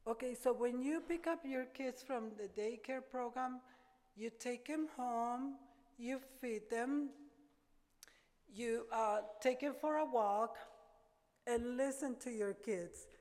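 An older woman giving an earnest, halting personal testimony at a recovery meeting, often repeating words as she gathers her thoughts. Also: a little high. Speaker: speaker sharing her recovery story. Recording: reverberant hall.

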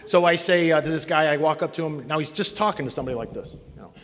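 Animated middle-aged man telling stories in a hall. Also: on the high side, fast. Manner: animated, acts out voices in quotes, self-mocking. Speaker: speaker sharing a recovery story. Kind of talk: storytelling to an audience.

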